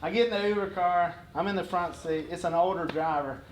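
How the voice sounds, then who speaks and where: A middle-aged man telling comic stories on stage as a guest speaker. He talks in an animated way, laughs often and acts out other people's lines. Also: high voice, a little fast, roomy sound, slight background noise.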